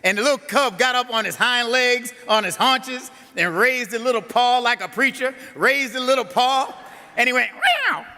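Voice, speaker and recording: A man preaching an animated storytelling sermon that builds to a rousing close, recorded in a large conference hall. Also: extremely high pitch, moderate pace.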